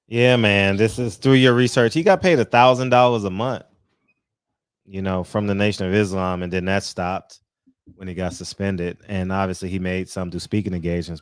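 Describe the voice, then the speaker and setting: A man hosting a talk show, speaking in a reflective, measured way. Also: deep voice, smooth, no room sound, studio quality. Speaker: host.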